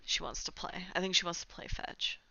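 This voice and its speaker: Chatty young woman streamer, bright voice. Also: fairly low pitch, brisk, creaky, no room sound, dull audio. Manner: chatty, rambling, full of "like" fillers. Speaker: game streamer. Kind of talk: casual gaming-stream chat.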